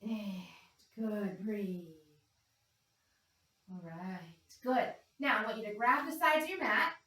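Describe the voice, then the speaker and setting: A woman with a slightly high voice guides young children through yoga poses at an unhurried pace. She is playful and encouraging, breaking into animal sounds. Her voice comes from a distance and rings in a very echoey room. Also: a bit bright. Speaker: kids yoga instructor. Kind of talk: guided kids yoga class.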